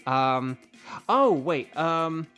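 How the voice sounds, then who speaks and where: A man's voice: a little high, expressive, extremely slow, a bit bright, soft background music. A young British man chatting casually to his stream while playing a video game, rambling with lots of fillers and restarts. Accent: British English. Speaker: streamer and voice actor. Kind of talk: casual gaming livestream chat.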